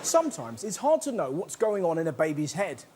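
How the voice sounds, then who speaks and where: A man hosting a topical comedy show, cheeky and excitable, shouting out his punchlines. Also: on the high side, a little fast, loud music behind the voice. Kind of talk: stand-up topical comedy monologue.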